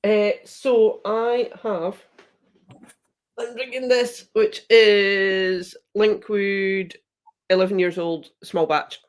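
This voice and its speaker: Speaking very slowly in a mid-range voice with a steady tone, this woman is a guest on a casual chat show. She works as a whisky brand ambassador and keeps things friendly and chatty, full of "like".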